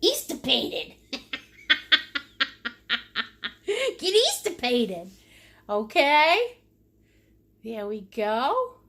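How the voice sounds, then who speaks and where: A woman's voice: high voice, huge pitch swings, drawn-out words, pauses often, a bit bright. A woman teaching a painting lesson on a live stream. She is silly and giggly, plays with made-up words, and answers viewers' comments as she paints. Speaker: painting instructor.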